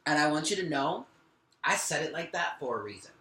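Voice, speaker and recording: A man reads tarot aloud, speaking earnestly and straight to the listener as he shuffles and lays out cards. His voice is bright and forceful. The room gives it a noticeable echo. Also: fairly high pitch, animated, brisk. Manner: earnest, addresses the listener directly as "you". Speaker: tarot reader. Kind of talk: spoken tarot reading. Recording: echoey room.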